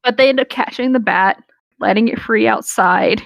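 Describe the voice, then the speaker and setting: A woman's voice: on the high side, moderate pace, gravelly, dry recording. A woman in her twenties, casually telling a rambling story with lots of fillers and swearing, as a podcast co-host.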